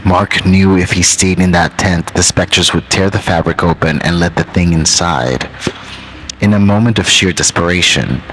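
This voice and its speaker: A man with a very deep, bright voice telling a scripted horror tale. His delivery is measured and ominous, and he slows down on the key phrases. A faint hiss runs under the recording. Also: poor audio. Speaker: horror story narrator.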